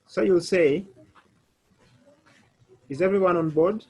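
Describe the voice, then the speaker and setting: A male teacher gives an online language lesson at a very unhurried pace. His voice is a little husky. He repeats each phrase several times and spells words out one letter at a time. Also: high voice, darkish tone, low-quality recording. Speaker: French teacher.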